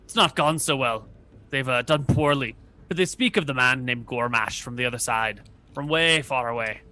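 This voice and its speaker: A man's voice: mid-range voice, normal speed, pushed and bright, natural voice. A man voicing a blunt, distrustful male dwarf gate guard who swears freely in a tabletop role-play game. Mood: friendly.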